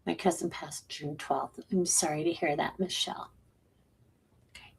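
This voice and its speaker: A woman's voice: low voice, steady tone, normal speed, a little hiss or hum. A woman co-hosting a live stream, joking loosely and answering viewer questions about spiritual signs. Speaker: co-host and intuitive reader. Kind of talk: casual live-stream chat.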